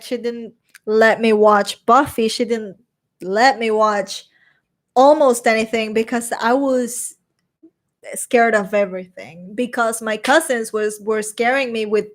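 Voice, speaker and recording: A young woman with a Venezuelan accent, chatting casually as she reads viewer questions aloud and answers them. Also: on the high side. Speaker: streamer reading chat. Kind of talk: casual chat.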